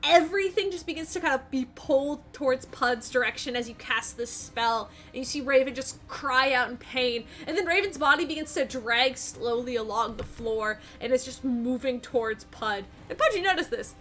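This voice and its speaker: A woman's voice: sits high, moderate pace, few pauses, pushed and bright. A woman running a tabletop game as game master, narrating loosely with many fillers. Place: home streaming setup. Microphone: streaming mic.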